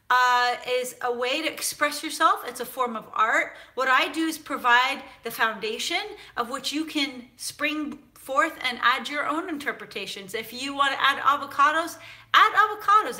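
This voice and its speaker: A woman from San Francisco hosts a cooking show, chatting casually in a live stream as she reads viewer comments, animated and full of fillers. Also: sits high. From United States (San Francisco).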